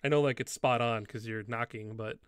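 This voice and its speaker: A man's voice: mid-range voice, steady tone, fairly quick, clear, resonant tone, no echo, studio quality. A man narrating a tabletop game as game master, in loose, rambling speech full of fillers.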